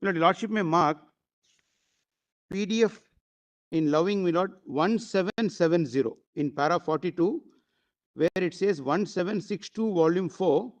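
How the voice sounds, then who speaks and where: A man with an Indian accent pleads before the judges in a high voice. His argument is formal and full of deference. He stops often on "uh" and "my lord". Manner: addresses the bench as "my lord" constantly, with halting fillers. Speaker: advocate arguing before the court. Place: courtroom.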